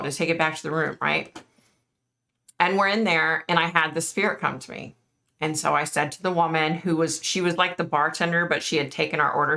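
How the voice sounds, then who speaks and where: A woman's voice: low-pitched, creaky, pushed and bright. A middle-aged woman, a psychic medium, hosting a casual live stream and chatting frankly with her viewers, full of "like" and "you know".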